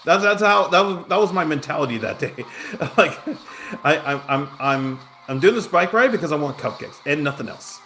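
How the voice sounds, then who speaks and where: A man's voice: on the high side, lively intonation, moderate pace, a bit bright, a little hiss or hum. A man telling a long personal story in a casual, rambling way while he plays a game, with lots of restarts, asides and self-mocking jokes. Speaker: gaming streamer.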